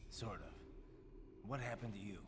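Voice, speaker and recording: A man's voice: on the low side, lively intonation, normal speed, background noise, natural voice. A man playing a terse cyborg ninja. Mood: laconic. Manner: terse, dry replies. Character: adult male cyborg ninja, calm and laconic.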